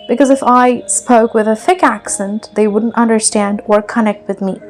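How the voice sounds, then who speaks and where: A woman's voice: fairly high pitch, a little mellow. A young woman from India with a blend of British and American accent, earnestly narrating a personal story as an English accent tutor.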